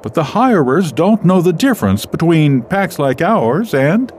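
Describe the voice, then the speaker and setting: Man putting on a high, worried she-wolf. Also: big pitch swings, measured pace, darkish tone, a little hiss or hum. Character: worried female wolf, a mother.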